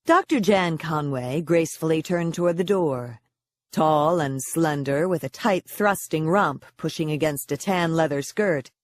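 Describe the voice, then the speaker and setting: A woman narrating an audiobook in a wry, expressive storytelling manner on a close microphone. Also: low-pitched, no room sound. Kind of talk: scripted narration.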